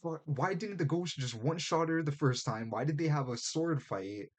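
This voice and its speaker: A man co-hosting a casual podcast, retelling a show's plot in animated, profane chat and putting on quick mock voices. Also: fairly high pitch. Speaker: podcast co-host.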